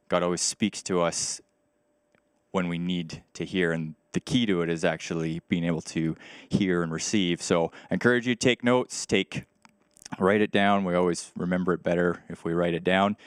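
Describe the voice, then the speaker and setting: Male pastor, conversational sermon delivery, smooth resonant voice, dry close sound. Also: sits low, no echo. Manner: conversational, reads scripture aloud. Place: church service.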